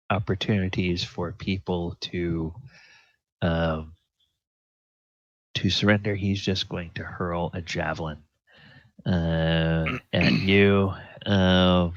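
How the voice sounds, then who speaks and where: A man with a very deep voice narrates a tabletop game as its dungeon master, taking his time and pausing on fillers. The sound is dry and close, with a dull lo-fi quality. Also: no room sound. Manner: unhurried, halting with fillers.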